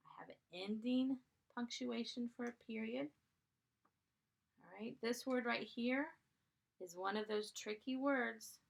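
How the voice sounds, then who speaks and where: Slow, gravelly-voiced first grade teacher. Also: female voice, a little high, a bit bright. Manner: patient, encouraging, stretches out sounds. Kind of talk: slow, clear classroom dictation.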